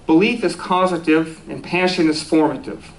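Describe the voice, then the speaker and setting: A man's voice: on the high side, fairly even intonation, moderate pace, a little hiss or hum, poor audio. A man giving a conversational sermon at a spiritual center, easygoing and self-deprecating, with restarts and small laughs.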